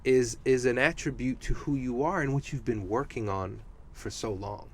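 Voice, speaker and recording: A man's voice: medium pitch, normal speed, slight background noise. A man hosting a podcast, telling stories and encouraging his guest. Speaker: podcast host. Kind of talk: podcast interview.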